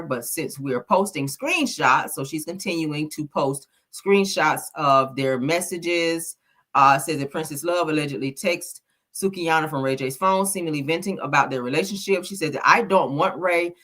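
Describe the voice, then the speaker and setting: A woman's voice: low-pitched, moderate pace, fairly bright tone. A woman giving casual, blunt celebrity gossip commentary, sassy and profane, laughing often.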